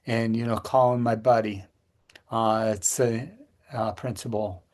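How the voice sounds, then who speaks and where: A middle-aged man, a podcast co-host, telling a personal story in casual chat, earnest and halting with frequent restarts. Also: on the low side, little pitch movement, a little mellow.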